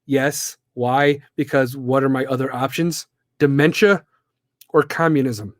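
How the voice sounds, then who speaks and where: A man's voice: medium pitch, steady tone, unhurried, no echo, studio quality. A man from the Midwestern US hosting a live podcast, ranting bluntly and with plenty of profanity. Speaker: podcast host.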